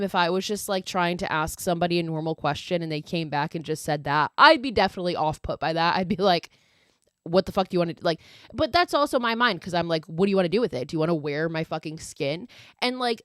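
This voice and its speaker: A woman's voice: on the low side, no echo, studio quality. A young woman hosting a podcast, recapping a horror movie in a chatty, swear-filled way with lots of "like". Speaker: podcast host.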